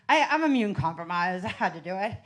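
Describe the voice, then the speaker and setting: A woman's voice: mid-range voice, animated, moderate pace. A woman doing a stand-up comedy set on a club stage into a handheld mic. She is brash and profane, and she laughs through her lines. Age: 40s.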